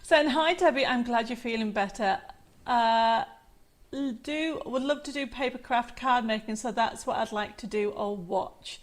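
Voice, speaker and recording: A chatty woman hosts a live stream, her voice pitched a little high and bubbly. She rambles happily through greetings and reads viewer comments aloud. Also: measured pace. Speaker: host of a live craft show. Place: home studio.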